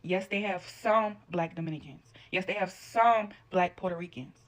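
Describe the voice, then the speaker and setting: A woman's voice: on the low side, normal speed. A woman giving a blunt, profane reaction rant to camera.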